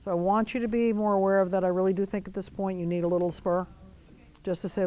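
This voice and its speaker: A woman riding instructor coaching a rider in an arena, giving brisk commands mixed with encouragement. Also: medium pitch, dark tone, low-quality recording.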